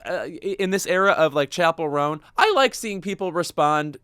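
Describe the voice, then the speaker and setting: Wry chatty man with a lively voice. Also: fairly high pitch, normal speed, clean tone, dry recording, clean studio sound. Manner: wry, chatty, full of fillers and asides. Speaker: podcast co-host. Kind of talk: casual pop-culture chat.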